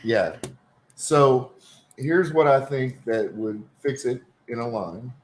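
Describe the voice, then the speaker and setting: A man with a Texan accent hosting a casual stream chat, rambling with many pauses. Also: medium pitch, animated. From Texas. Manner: rambling, hesitant with fillers. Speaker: stream host.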